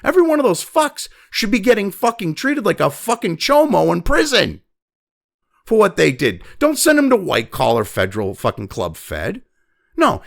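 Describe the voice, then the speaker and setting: A man's voice: high voice, vocal fry. A man hosting a commentary show, ranting angrily with constant swearing and mocking asides. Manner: angry, heavy swearing, mocking quoted voices. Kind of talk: profane opinion rant.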